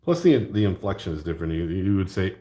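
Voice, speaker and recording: A man's voice: low-pitched, sing-song, quick pace, mellow. A young man from the American South with a Southern accent, chatting casually and rambling on a livestream, reading chat and laughing often. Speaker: livestream host.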